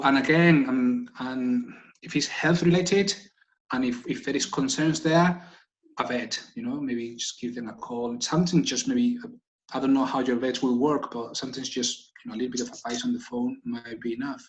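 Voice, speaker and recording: On a video call with guide dog volunteers, a man gives casual instructions and keeps checking in with "okay?" after almost every point. The low-quality recording carries his mid-range voice at a moderate pace.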